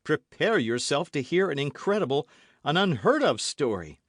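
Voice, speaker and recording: Brief: agitated young swordsman, higher and louder, read by a male narrator, dry sound. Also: normal speed, dry recording. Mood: urgent. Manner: excited, raised and loud. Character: frantic young male swordsman, breathless and urgent. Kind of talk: audiobook character voice.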